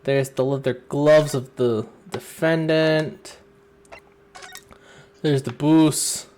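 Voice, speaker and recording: A man's voice: mid-range voice, a little mellow, smooth. A young man casually chatting while streaming a courtroom game, rambling and laughing often.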